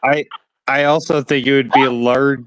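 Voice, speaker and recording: A man's voice: medium pitch, little pitch movement, normal speed, a bit bright, dry recording, low-quality recording. A man joking wryly, with some hesitant restarts, in casual stream banter.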